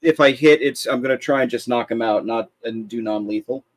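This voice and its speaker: A man's voice: medium pitch, a little fast. Hesitant man playing a tabletop game. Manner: hesitant, checking the rules aloud. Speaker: player. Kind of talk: casual tabletop game play.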